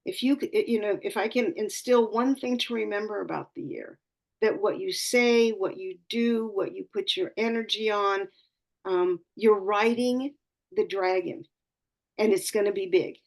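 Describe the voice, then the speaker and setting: A woman speaking slowly and thoughtfully, her voice often dropping into a gravelly fry. She talks as an astrologer on a community call, earnest and spiritual, circling back and restarting her phrases as she searches for the right words. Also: medium pitch. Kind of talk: reflective talk on a community call.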